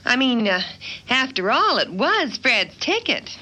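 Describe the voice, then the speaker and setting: An actress voicing a level-headed cartoon housewife who speaks in a dry, measured way. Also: female voice, high voice, big pitch swings, sharp tone, breathy edge, full character voice. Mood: wry.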